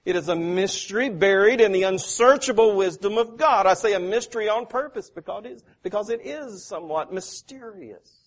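A man's voice: high voice, expressive, fairly quick, few pauses. A male pastor preaching a sermon in a church, repeating key phrases for emphasis. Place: church sanctuary.

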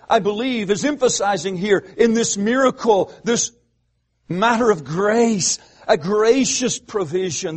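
A man pastor preaching a sermon, asking the congregation rhetorical questions and pausing for emphasis. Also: high-pitched, husky.

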